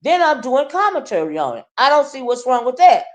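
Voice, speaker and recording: A woman's voice: sits high, big pitch swings, fairly quick. Sassy Southern woman ranting to camera. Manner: sassy, confrontational, repeats "okay?" and "right?". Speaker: YouTube commentary host. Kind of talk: casual ranting commentary.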